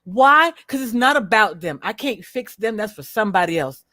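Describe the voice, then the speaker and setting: A woman hosting a livestream, speaking bluntly and with profanity as she rants at viewers, slowing down to stress her words. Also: medium pitch, expressive, bright, forceful tone, no echo, studio quality. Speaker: livestream host. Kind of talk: unscripted livestream commentary.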